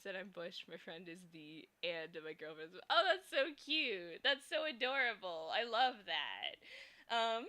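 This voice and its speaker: A woman's voice: mid-range voice, big pitch swings, slow pace, bright, forceful tone. A young woman chatting casually and thinking aloud while she draws, giggling often between fillers. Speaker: streamer and fan artist. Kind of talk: casual chat while drawing.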